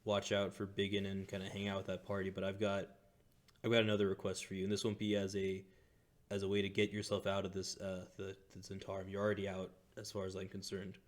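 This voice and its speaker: A man voicing a low, scheming crime boss. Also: natural voice. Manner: calm and measured, flaring into booming rage. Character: scheming male crime boss, vengeful and proud. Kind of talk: tabletop game character voice.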